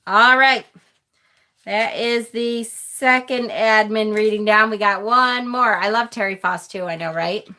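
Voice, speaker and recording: A woman from upstate New York chats her way through a live card reading. Her voice is bright and forward, and she talks casually and warmly, reading out viewers' comments as she goes. The pitch sits in a middle range. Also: measured pace. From Rochester, New York. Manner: chatty and affectionate, reads viewer comments aloud. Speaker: tarot reader and channel host.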